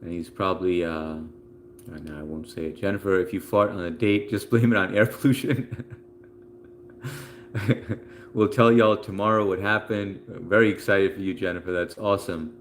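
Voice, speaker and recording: A man's voice: low-pitched, fairly even intonation, moderate pace, slight background noise. A man hosting a casual live stream from home, reading out viewer comments in a laid-back, chatty way with plenty of fillers.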